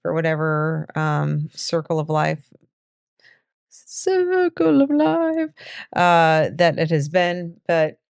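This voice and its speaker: Young woman co-host, lowish smooth voice, playful casual chat, dry close sound. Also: flat delivery, no echo. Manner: playful, giggly, quick asides.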